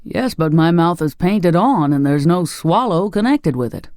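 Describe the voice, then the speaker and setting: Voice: medium pitch, expressive, normal speed, darkish tone, dry recording, natural voice. A narrator voicing a polite straw-stuffed scarecrow in an audiobook, close to the narrating voice.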